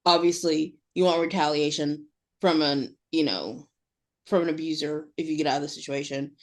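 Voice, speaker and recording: A woman's voice: deep voice, fairly even intonation, moderate pace. A woman co-hosting a podcast in casual chat, rambling with lots of fillers and restarts. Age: adult mother. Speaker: podcast co-host.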